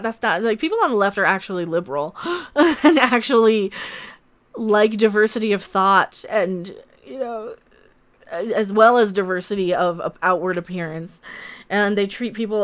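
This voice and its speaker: A woman's voice: mid-range voice, normal speed. A woman hosting a live stream, chatting casually with her viewers in a rambling, candid way and swearing freely.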